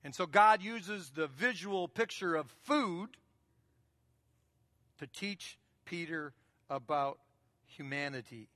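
A man's voice: on the high side, lively intonation, takes it slowly, pauses often, fairly bright tone. A man preaching a sermon as pastor, in a conversational style that keeps repeating key phrases, heard in a church sanctuary. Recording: long reverb of a large hall.

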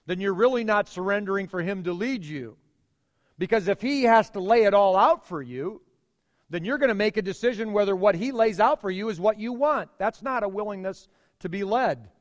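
A middle-aged male pastor preaching a sermon, emphatic, with dramatic pauses and repeated phrases. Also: high-pitched, animated, long reverb tail.

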